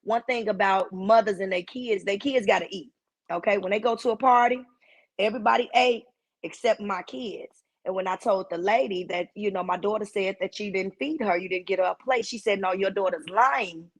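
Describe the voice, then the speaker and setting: A woman with a small frame and a heavy, punchy voice tells stories in a casual chat. She acts out every person she quotes with lively turns, and her pitch sits in the middle. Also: fairly quick. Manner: animated storyteller who acts out quoted voices. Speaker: guest comedian.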